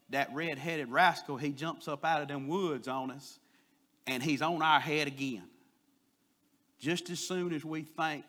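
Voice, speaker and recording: A man preaching a sermon, telling a folksy story and pushing louder on his key points. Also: on the high side.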